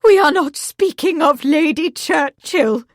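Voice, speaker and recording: Shrill imperious old lady, a woman doing her voice. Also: normal speed, no echo, clean studio sound, lightly acted. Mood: cutting. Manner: shrill, cutting, shrieking. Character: older aristocratic mother, imperious and hysterical.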